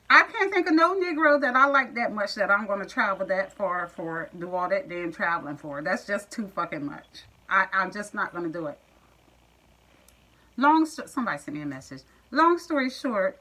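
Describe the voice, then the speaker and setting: Bright, blunt woman ranting on camera. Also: medium pitch, expressive, normal speed, poor audio. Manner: blunt, profane, sassy. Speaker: vlogger. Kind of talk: ranting monologue to viewers.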